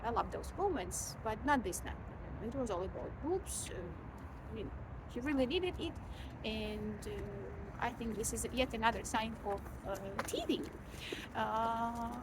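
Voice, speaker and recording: A woman's voice: fairly high pitch, background noise. A tired, sleep-deprived woman, a mother of a baby, chatting casually and candidly to her vlog viewers with many fillers and restarts.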